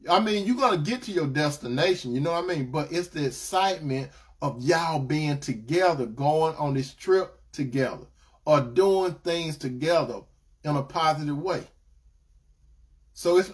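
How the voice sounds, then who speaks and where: A man, giving a preacherly relationship talk and repeating key lines as he addresses brothers and sisters. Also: on the high side. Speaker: relationship teacher. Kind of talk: live-streamed preaching talk.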